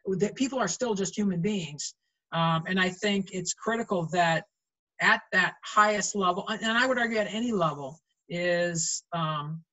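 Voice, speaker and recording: A woman's voice: mid-range voice, fairly bright tone, highs cut off. A middle-aged woman, a volleyball referee, chatting animatedly in an interview and acting out quoted lines as she tells stories. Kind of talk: storytelling in an interview.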